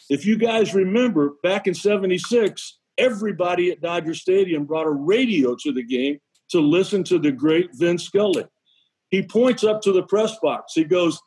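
Ex-pitcher guy telling old ball stories, kinda high voice, a bit husky, does everyone's lines. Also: moderate pace, poor audio. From Connecticut, USA. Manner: lively anecdotes, acts out other people's lines. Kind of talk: animated storytelling on a sports show.

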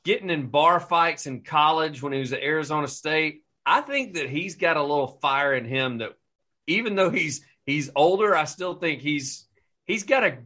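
A man's voice: a little high, animated, normal speed, pushed and bright. A man co-hosting a casual podcast, rambling and joking with friends. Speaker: podcast co-host. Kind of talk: casual banter.

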